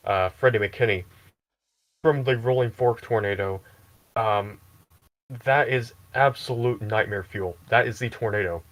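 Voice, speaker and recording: Low-voiced man explaining weather physics. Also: a bit bright, low-quality recording. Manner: explanatory, technical. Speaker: weather co-host. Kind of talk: live weather coverage, explaining.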